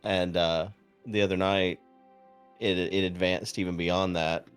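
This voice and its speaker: A low-voiced man chats on his stream and tells a long story in a dry, deadpan way with plenty of swearing. He acts out the voices of the people in it. Soft music plays faintly behind him. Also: unhurried, clear, resonant tone. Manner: profane, deadpan. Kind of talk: casual chat.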